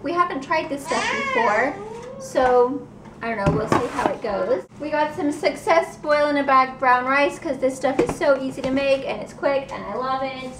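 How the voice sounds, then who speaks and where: A woman's voice: high voice, background noise. A young woman vlogger in casual chat, upbeat and chatty, showing her groceries at home. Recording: roomy, distant camera mic.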